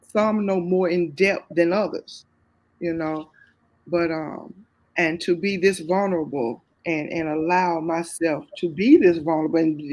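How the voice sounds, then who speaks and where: A woman's voice: fairly low pitch, a little mellow. Woman guest with a Southern US accent; earnest, faith-driven, repeats lines for emphasis. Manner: heartfelt, faith-filled, repeats phrases for emphasis. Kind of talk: candid testimony in conversation.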